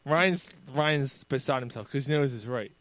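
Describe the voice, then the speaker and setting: A man's voice: medium pitch, moderate pace, a bit bright, no echo. A man co-hosting a podcast, telling a story in casual banter, swearing a lot, laughing and acting out what people said. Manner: profane, laughing, acts out quotes. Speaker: podcast co-host.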